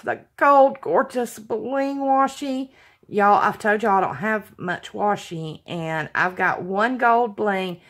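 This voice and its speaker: This Alabama craft vlogger talks slowly in a mid-range voice while unboxing her supplies. Giddy and gushing, she laughs frequently and comes across as apologetic.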